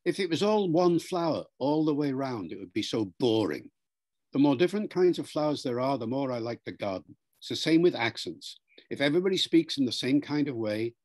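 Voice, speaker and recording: A linguistics professor giving measured, explanatory interview answers, lively and teacherly, sometimes slipping into quoted voices. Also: male voice, medium pitch. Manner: lively storytelling, acts out quoted speakers; measured, lecturing delivery.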